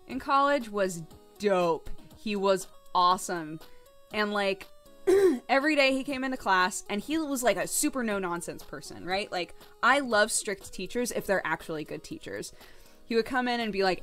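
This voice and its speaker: Young woman, streamer, casual storytelling, animated, profane, mid pitch, faint background music. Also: moderate pace. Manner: animated, profane, laughing often.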